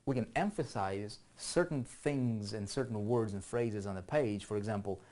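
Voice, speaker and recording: A man's voice: lowish voice, normal speed, a little mellow. Chatty man walking through a tutorial. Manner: conversational, frequent "right?" check-ins, thinks aloud. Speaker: online marketing instructor. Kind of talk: screen-share tutorial walkthrough.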